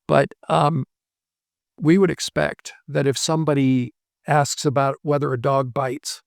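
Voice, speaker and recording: A man's voice: a little high, flat delivery, measured pace, gravelly, no room sound, clean studio sound. A man, a language professor being interviewed, patiently explaining ideas through worked examples and short anecdotes.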